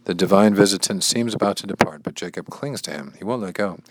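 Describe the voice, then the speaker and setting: A man with a very deep voice reads a devotional text aloud and stops to explain it in casual words. He repeats key lines and sometimes slips into a near-whisper. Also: fast, background noise. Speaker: bible study teacher and language learner.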